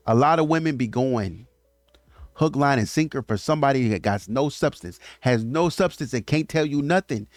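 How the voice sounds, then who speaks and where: Animated man ranting about dating. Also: medium pitch, normal speed, no echo, studio quality. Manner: animated, acts out quotes of others. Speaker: host. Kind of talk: casual commentary monologue.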